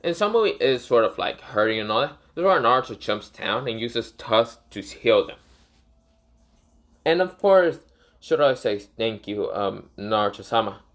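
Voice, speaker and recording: A man's voice: mid-range voice, big pitch swings, moderate pace, a bit bright. A man casually retelling a fan story, rambling with many fillers and self-corrections.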